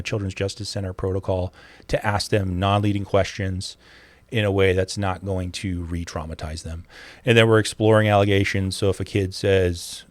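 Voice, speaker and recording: A man's voice: deep voice, no echo. A man talking in a casual podcast conversation, explaining his work step by step and telling stories with a laugh. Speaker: forensic interviewer, podcast guest.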